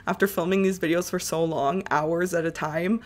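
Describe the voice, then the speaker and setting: A young woman giving casual, chatty commentary while playing a mobile game, breaking into loud outbursts and laughter. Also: lowish voice, fairly even intonation, normal speed. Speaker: gaming YouTuber.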